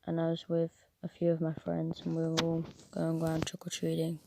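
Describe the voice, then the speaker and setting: A woman narrating a first-person horror story in an even, steady reading manner. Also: sits low, fairly quick, vocal fry, slight background noise.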